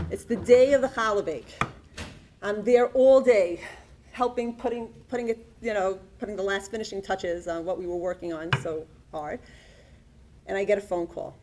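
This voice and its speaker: An earnest woman tells her own story at a conference, lively and heartfelt. Her voice sits at an ordinary middle pitch, with a faint hum of room noise behind her. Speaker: conference speaker. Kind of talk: personal testimony speech. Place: conference hall.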